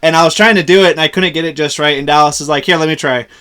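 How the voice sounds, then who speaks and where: A man's voice: on the high side, steady tone, rapid-fire, pushed and bright, clear, resonant tone. A young man co-hosting a podcast, telling anecdotes in a laid-back way and chuckling often. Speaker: podcast co-host. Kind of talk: casual chat.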